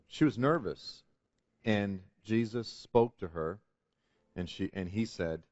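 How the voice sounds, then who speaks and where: A man's voice: lowish voice, takes it slowly, darkish tone, no echo, lo-fi sound. A man telling a testimony story as a guest on a Christian talk show, earnest and building to emphatic preaching. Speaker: guest speaker.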